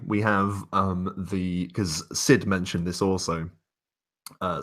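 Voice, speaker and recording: A man narrating and running a tabletop role-playing game, talking in a relaxed way with fillers. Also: deep voice. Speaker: game master.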